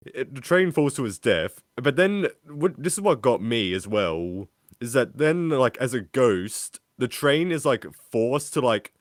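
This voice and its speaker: A man's voice: mid-range voice, sing-song, a little slow, no room sound, clean studio sound. A man, a podcast co-host telling a story in casual chat, rambling and full of filler words. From Australia.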